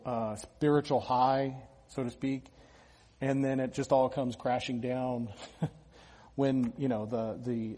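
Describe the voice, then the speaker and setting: Husky man preaching in a reverberant hall. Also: medium pitch, mellow. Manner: conversational, with frequent restarts and small laughs. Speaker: pastor. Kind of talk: sermon.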